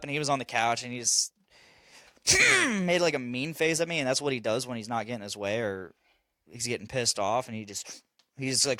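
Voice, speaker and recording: A man's voice: medium pitch, sharp tone, dry recording. A man telling a parenting story on a casual podcast, swearing and laughing as he goes. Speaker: podcast host; father.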